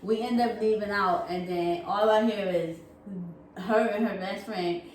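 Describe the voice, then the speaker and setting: A woman's voice: mid-range voice, a little slow, a little hiss or hum. Laughing woman telling a story in an echoey room. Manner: animated, laughing, slangy and profane. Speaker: co-host. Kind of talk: casual storytelling. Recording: echoey room, far from the mic.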